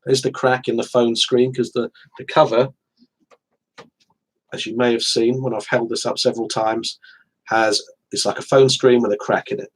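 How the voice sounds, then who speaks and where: A man's voice: mid-range voice, little pitch movement, moderate pace, breathy edge, rough recording. An English man in his forties, an author hosting a casual live stream, chatting in a rambling, self-deprecating way with frequent restarts.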